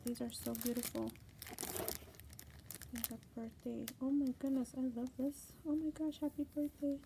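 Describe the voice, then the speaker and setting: A middle-aged woman hosting a craft channel, chatting casually and excitedly as she unboxes gifts. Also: high voice, normal speed, a little hiss or hum, poor audio. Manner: gushing, excited, gasping exclamations. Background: paper crinkling.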